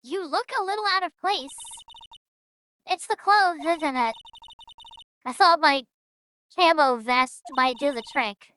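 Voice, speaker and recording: A woman reading a gossipy studio guard, high and chatty. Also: takes it slowly, pauses often, sharp tone, no room sound, heavily acted. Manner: rambling, gossipy. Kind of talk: reading game dialogue aloud.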